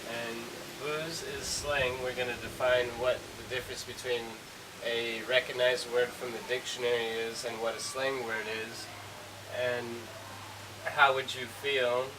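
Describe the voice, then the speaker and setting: A man's voice: mid-range voice, flat delivery, a little slow, distant mic. Hesitant male English teacher, hissy recording. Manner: hesitant, many ums, explains step by step. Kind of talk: casual language lesson.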